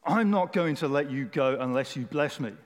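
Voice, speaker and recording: A man playing a defiant biblical man who insists on a blessing, bold and raised in pitch. The voice rings out in an echoey hall. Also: animated, moderate pace, close to an everyday voice.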